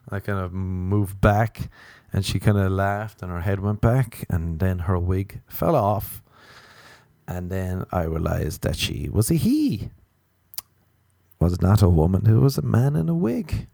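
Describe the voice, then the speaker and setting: An Irish man, a comedian hosting a podcast, telling a story in a deadpan, monotone manner with casual swearing. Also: low voice, normal speed, gravelly, no room sound.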